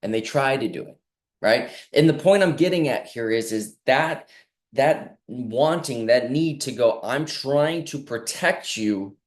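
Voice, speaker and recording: An earnest man talks through his view of healing in a reflective monologue. He often slips into quoted voices of the body or of people and stretches key phrases slowly for emphasis. His pitch sits in the middle for a man. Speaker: clinic health speaker.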